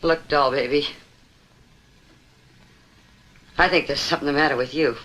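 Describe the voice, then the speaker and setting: A woman's voice: deep voice, steady tone, fast, fairly bright tone, low-quality recording. An actress in a 1960s film playing a slangy, coaxing woman who coos and insists. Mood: probing. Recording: hissy old film soundtrack.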